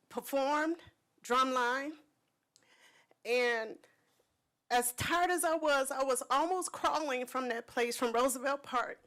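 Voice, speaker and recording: Woman, high voice, heartfelt, earnest, near tears, council chamber podium mic. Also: a bit bright, rough recording. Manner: heartfelt, earnest, slightly tearful. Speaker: event organizer speaking at public comment. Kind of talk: emotional public comment speech.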